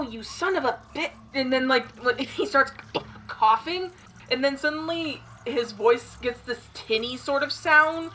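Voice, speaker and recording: A woman's voice: fairly high pitch, fairly bright tone, slight background noise. Giggly woman narrating her tabletop character. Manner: playful, giggly, improvising aloud. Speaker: player.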